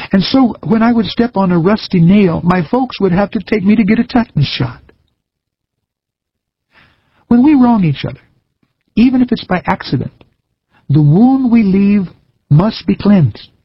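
A man preaching a recorded sermon in an earnest, measured way, with folksy stories. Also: high voice, slightly rough, no room sound, highs cut off.

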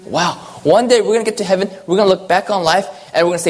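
An earnest preacher delivers a personal sermon in a mid-range voice at a very fast clip. The delivery swings between urgent, rising lines and hushed, quiet ones.

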